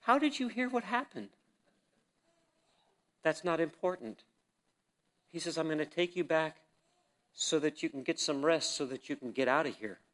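A man giving a sermon testimony to a congregation, acting out the dialogue of his story and swinging between quiet reflection and loud, emphatic bursts. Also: on the high side, fairly even intonation, moderate pace, long pauses. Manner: storytelling that acts out quoted dialogue. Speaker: church speaker sharing a testimony. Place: church service.

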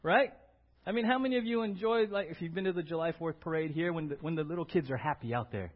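Lively man preaching, high husky voice, dull lo-fi sermon recording. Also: quick pace. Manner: animated, conversational preaching with frequent "right?". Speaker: pastor.

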